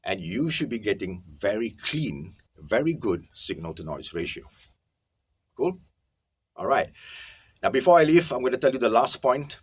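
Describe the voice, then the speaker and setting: Recorded on a camera-mounted mic rather than a lapel mic, this man teaches audio recording in a casual video lesson from a small soundproofed booth. His mid-range, slightly rough voice is very animated, moving at normal speed with long pauses. He explains things emphatically and keeps checking on his viewers.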